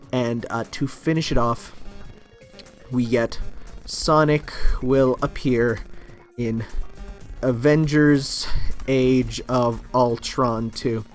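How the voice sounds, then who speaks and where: A young man hosts a web show in a fairly high voice, delivering a sarcastic, rambling comedy rant. He talks in loose bursts full of fillers. Faint music plays behind him.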